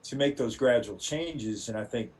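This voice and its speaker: A male coach speaking in a measured, thoughtful way, explaining his approach step by step. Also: mid-range voice, a little mellow, low-quality recording. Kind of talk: interview reflection.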